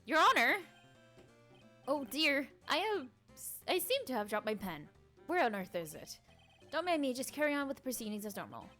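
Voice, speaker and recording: A woman's voice: high-pitched, sing-song, fairly quick, a bit bright, soft background music, voice pushed up. A woman doing a fussy old judge. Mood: flustered. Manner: fussy, timid, formal. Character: flustered elderly male judge.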